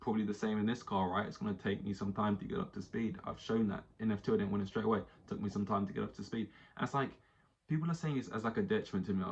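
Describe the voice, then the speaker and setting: Male podcast host, casual animated rant, slightly low voice, dull lo-fi mic. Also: quick pace, gravelly. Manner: animated, does mock voices for quotes.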